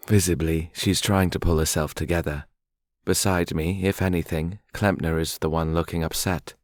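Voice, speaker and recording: Scripted romance narration comes from a man whose voice sits low, his storytelling even and measured. There's no echo, just clean studio sound.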